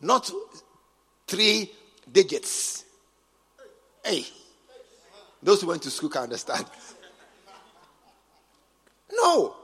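A high-voiced man with a Ghanaian English accent preaches in a large cathedral, his bright, husky voice leaping up and down in pitch. He repeats lines with mounting force, going from low asides to shouts. Long reverb fills the hall over faint music. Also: huge pitch swings, very slow, long pauses. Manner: emphatic, repetitive, swings from quiet to shouting. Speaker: bishop preaching. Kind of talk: sermon.

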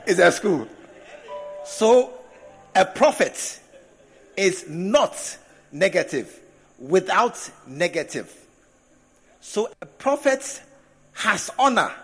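A man preaches a sermon in a high, lively voice that swoops up and down. He breaks into laughing asides and stretches key words for emphasis. The sound carries the long echo of a big hall with faint music behind it. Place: large hall with congregation. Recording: echoey hall from a distance.

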